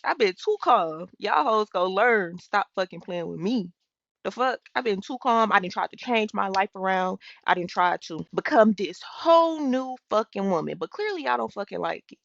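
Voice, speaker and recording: A young woman talks straight to her livestream viewers, blunt and heavy with profanity. Her voice is gravelly, with a fry at the bottom. The phone audio sounds dull and lo-fi, and the room is dry. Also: mid-range voice, sing-song, moderate pace, fairly bright tone, no echo. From Houston, Texas. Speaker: influencer on a livestream. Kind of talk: casual livestream rant.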